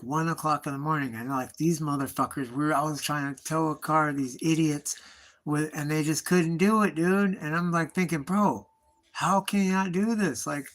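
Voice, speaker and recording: A man's voice: a little high, creaky, a bit bright. A middle-aged man streaming himself drawing, telling rambling nostalgic stories in profane slang and calling his listener bro and dog. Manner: nostalgic storytelling, trailing off and restarting. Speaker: artist streaming live. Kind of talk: rambling casual monologue.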